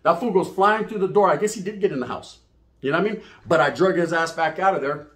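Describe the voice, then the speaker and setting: A man's voice: sits high, fast, a bit bright, slight background noise. A middle-aged man telling a profane, streetwise story to camera as a channel host, mixing in Spanish slang and asking "right?" often. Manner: says "right?" and "you know what I mean?" often. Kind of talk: casual storytelling monologue.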